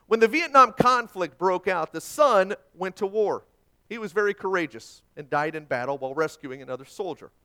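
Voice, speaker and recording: Expressive preacher, lively and high. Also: male voice. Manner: expressive storytelling with dramatic pauses. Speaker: pastor. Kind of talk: sermon.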